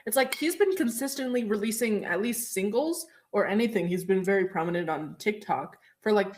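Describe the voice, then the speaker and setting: A woman's voice: mid-range voice, fairly quick. A young woman co-hosting a podcast, chatting casually in a supportive, teasing way. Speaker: podcast co-host. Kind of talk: casual chat.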